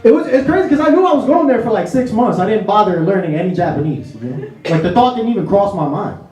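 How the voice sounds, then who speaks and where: A man's voice: high voice, animated, fast talker, darkish tone. A young man from New City, doing a conversational stand-up set in a small comedy club, tagging lines with "you know?" and acting out quoted voices. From New York City. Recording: roomy club audio from a distance with audience laughter.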